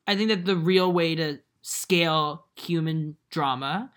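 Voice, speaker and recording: A woman's voice: deep voice, unhurried. A woman in her twenties co-hosting a podcast, telling stories in casual chat, acting out quotes with lots of fillers. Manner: animated storyteller, acts out quotes, many fillers. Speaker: podcast co-host.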